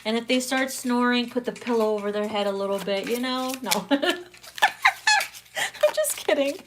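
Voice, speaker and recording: A woman's voice: a little high, moderate pace, very noisy. A woman giving a casual, crude, joking tarot reading, often breaking into laughter. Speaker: tarot reader.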